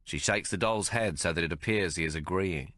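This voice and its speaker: A man narrating an audiobook in the first person, measured and descriptive. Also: low voice, a bit bright, no room sound, clean studio sound.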